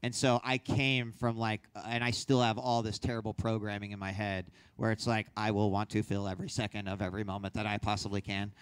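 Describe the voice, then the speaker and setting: A man's voice: on the low side, little pitch movement, a little fast, hardly any pauses, smooth, no echo. A man leading a hosting workshop, speaking conversationally and breaking into sample reads with different energy. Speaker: workshop host. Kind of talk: instructional talk.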